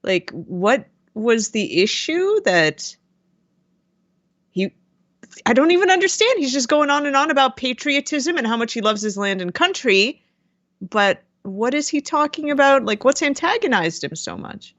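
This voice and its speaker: A woman's voice: on the high side, big pitch swings, unhurried, a bit bright, no room sound, highs cut off. A woman from Canada, a podcast guest, mocking and laughing in casual chat.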